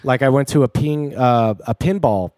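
Man, relaxed conversational guest, halting delivery with restarts, dry sound. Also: mid-range voice, no room sound. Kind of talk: casual chat.

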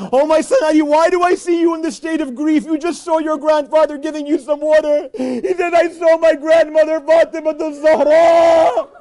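A man preaching an emotional religious narration, rising to anguished cries and shouts. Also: very high voice. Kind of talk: emotional religious recitation sermon.

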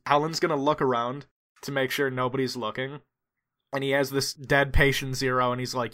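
Bright-voiced, laughing tabletop player. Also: male voice, mid-range voice, moderate pace. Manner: laughing, animated. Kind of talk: tabletop role-play.

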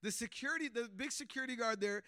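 A man telling a faith testimony in a casual, animated storytelling way, full of filler words and quick laughs. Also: extremely high pitch, dry recording. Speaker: speaker sharing a faith testimony.

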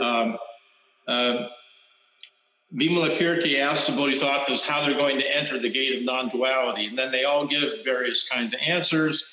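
A man giving a Zen dharma talk, speaking reflectively and haltingly, with frequent restarts. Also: medium pitch, sharp tone. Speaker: Zen Buddhist teacher. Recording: roomy echo.

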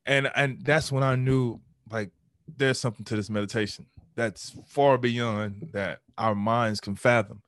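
A man in his thirties, a podcast guest, telling an emotional personal story and acting out the voices of his past self with sudden lively bursts. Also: medium pitch, unhurried, no room sound, studio quality. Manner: animated, acts out his own past voice.

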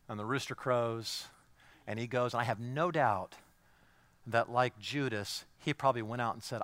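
A man's voice: mid-range voice, moderate pace, a bit bright, dry recording. A male pastor preaching a sermon in an emphatic, repetitive style that builds in intensity.

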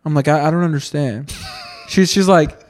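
A man's voice: fairly high pitch, moderate pace, faint music behind. A young man from Texas telling a rambling, restart-filled story in casual podcast chat, peppering it with "dude". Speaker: podcast co-host.

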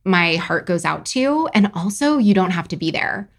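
This is a casual solo podcast monologue from a thirty-something coach, who speaks frankly, swears and mocks herself in asides. Her voice is lowish, her intonation lively and her pace moderate.

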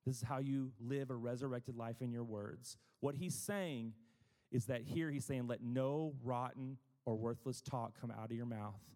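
A man's voice: mid-range voice, normal speed, darkish tone, long reverb tail. A man preaching a conversational sermon, chatty and self-deprecating, with frequent asides.

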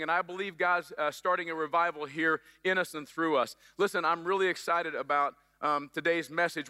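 A man's voice: high voice, pushed and bright, long reverb tail. A middle-aged man preaching a sermon as pastor, upbeat and joking with the congregation in a church. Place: church sanctuary.

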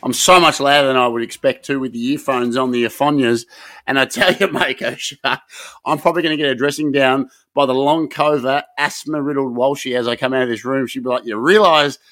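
A man co-hosting a podcast, jokey and excitable, rambling between topics. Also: mid-range voice, a little fast, dry recording. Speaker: podcast co-host. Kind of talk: casual podcast chat.

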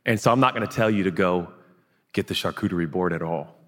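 A male pastor preaching a sermon in an animated, jokey, conversational way. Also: sits low, fast. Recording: long echoey hall reverb.

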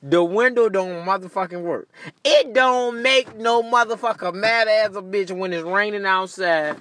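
A man with a notably high voice and a bright, sharp edge rants in a comic monologue. He speaks, cussing freely and laughing at his own jokes. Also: moderate pace, no room sound. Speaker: comedian. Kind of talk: stand-up style comedic rant.

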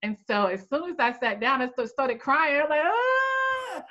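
A woman coach telling an animated story in a podcast interview, acting out the voices she quotes. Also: fairly quick, highs cut off, crowd noise. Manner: animated storyteller, acts out quoted voices with big pitch jumps. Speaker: coach and founder.

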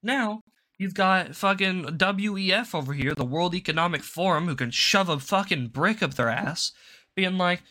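A young man hosting a political commentary show, ranting angrily and profanely with sudden loud outbursts. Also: high voice, expressive, moderate pace. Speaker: host.

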